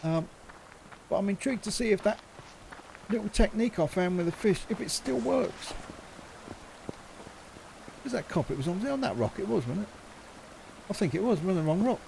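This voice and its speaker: A man gives running commentary on a survival game, muttering to himself and swearing mildly. His voice sits a touch high but has a gravelly, crackly edge. A clear hiss of noise runs under the recording. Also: expressive, brisk, long pauses, dark tone. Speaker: gaming channel host.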